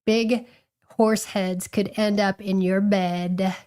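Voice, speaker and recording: A woman's voice: medium pitch, fairly even intonation, takes it slowly, mellow, clear, resonant tone. Chatty rambling woman livestreamer. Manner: chatty, rambling, thinks aloud with fillers. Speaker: livestream host. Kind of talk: casual livestream commentary.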